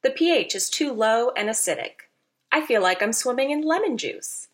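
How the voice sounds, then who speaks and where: A woman's voice: fairly high pitch, lively intonation, moderate pace, close to an everyday voice. A woman voicing an adventurous female trout who frets and exclaims about her water in a storybook reading. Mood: disgusted. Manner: fretful, exclaiming, picky.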